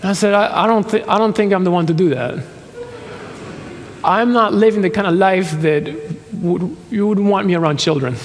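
A pastor in his fifties, from Nicaragua and the US, preaches a sermon in a church hall in a high voice at normal speed. He tells a personal story, with laughs and quoted voices.

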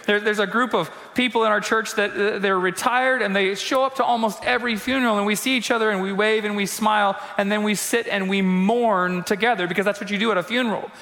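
High, bright-voiced male pastor in hall. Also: steady tone. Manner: conversational, acts out quotes, slows down for emphasis. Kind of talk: sermon. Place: church sanctuary.

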